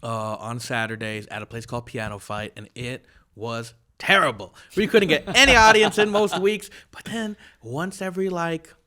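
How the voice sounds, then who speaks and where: A man's voice: fairly high pitch, steady tone, moderate pace, bright, forceful tone. A comedian guest in a casual podcast talk, wryly telling stories and acting out the people he quotes. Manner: wry storytelling, acting out quoted voices.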